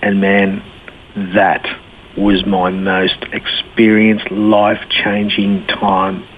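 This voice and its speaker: A man being interviewed tells his own story bluntly and earthily, using slang in casual conversation. He speaks extremely slowly in a low voice with a completely flat delivery, heard over a phone line with faint noise.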